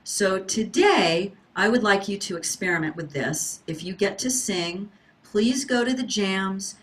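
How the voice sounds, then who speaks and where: A woman's voice: mid-range voice, expressive, a little slow. Woman teaching singing on a video call. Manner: encouraging, asks the class to wave and respond. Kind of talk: online singing workshop.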